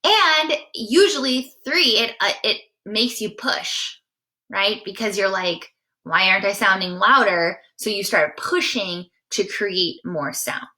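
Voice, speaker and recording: A woman's voice: medium pitch, lively intonation, slow, bright, forceful tone. A woman teaching a live singing lesson in a chatty, encouraging way, often checking in with her viewers. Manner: demonstrates sighs and nasal sounds mid-explanation.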